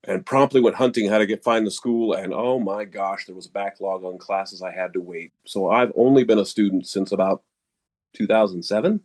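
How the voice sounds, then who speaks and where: Deep-voiced older man sharing. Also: steady tone, normal speed, a little mellow. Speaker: martial arts student sharing. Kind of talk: casual sharing.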